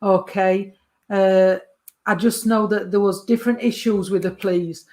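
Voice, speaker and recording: A woman's voice: medium pitch, steady tone, unhurried. A woman, giving a medium's reading from a photo and calling the sitter sweetheart and darling. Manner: warm endearments, calls the sitter sweetheart and darling.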